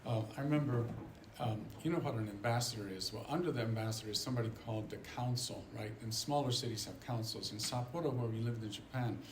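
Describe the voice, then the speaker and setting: A man introducing a guest speaker in a chatty, rambling way, with laughter and asides. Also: medium pitch. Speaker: event host introducing the speaker. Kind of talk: casual introduction. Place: lecture hall at a seminary. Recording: echoey room with faint background noise.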